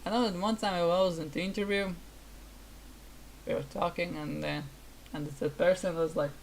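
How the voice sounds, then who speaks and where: A woman's voice: lowish voice, steady tone, moderate pace, a little hiss or hum. A woman gaming streamer chatting casually, telling rambling stories with lots of fillers. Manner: rambling storytelling with frequent fillers. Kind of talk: casual chat while streaming.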